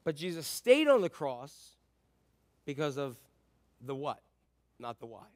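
A man preaching a conversational sermon, dropping to soft asides and rising to loud, emphatic passages. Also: fairly high pitch, big pitch swings, a little slow, dry recording. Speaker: pastor.

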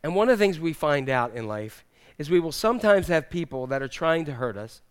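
A man's voice: a little high, very animated, brisk, smooth. A man preaching a sermon in a humorous, conversational way, teasing the congregation. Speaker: pastor.

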